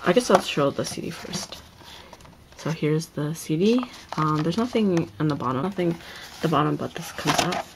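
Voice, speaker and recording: A woman's voice: sits low, animated, moderate pace, slight background noise, poor audio. A young woman gushing over an album as she unboxes it, exclaiming "oh my god" over and over and often slipping into a whisper. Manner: gushing, keeps repeating oh my god, drops into whispers. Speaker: unboxing vlogger. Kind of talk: excited casual unboxing chat.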